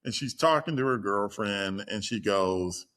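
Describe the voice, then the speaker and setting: A man telling a personal story in a casual chat, acting out the people he quotes with lively shifts in voice. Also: lowish voice, measured pace. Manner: animated, acts out quoted voices. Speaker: guest storyteller.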